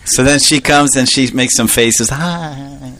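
Male preacher, storytelling sermon, mid-range voice, animated, chuckles a lot. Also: mid-range voice, takes it slowly. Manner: animated, laughing often, playful asides. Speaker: preacher telling a devotional story.

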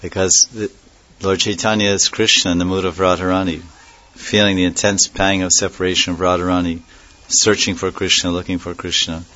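A man with a very low voice gives a devotional lecture on a dull, lo-fi recording. He speaks reflectively, dwelling on and repeating key words, with a chuckle here and there. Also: level tone, brisk, few pauses, bright, forceful tone. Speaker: spiritual teacher.

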